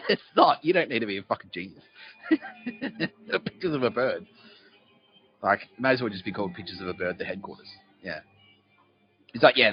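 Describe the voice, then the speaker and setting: A man hosting a podcast, delivering a profane, rambling comedic monologue in a mock-conspiratorial way. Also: fairly low pitch. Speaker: podcast host. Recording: dull lo-fi with faint music.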